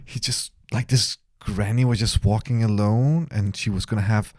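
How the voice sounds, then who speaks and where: A man's voice: fairly low pitch, fairly even intonation, moderate pace, darkish tone, no room sound, clean studio sound. A man co-hosting a casual podcast, teasing his friend and laughing often. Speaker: podcast co-host.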